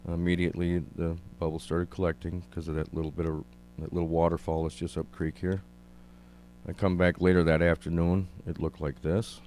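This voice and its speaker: A man's voice: sits low, little pitch movement, fairly quick, a little mellow, a little hiss or hum. A man in an interview, talking hesitantly with many ums while narrating his own video clips.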